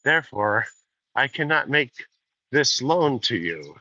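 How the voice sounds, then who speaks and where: A man voicing a calm male spaceship supercomputer that refuses requests with slow, measured, cold politeness. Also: medium pitch, dry recording, full character voice. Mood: coldly reasoning. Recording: dull lo-fi sound.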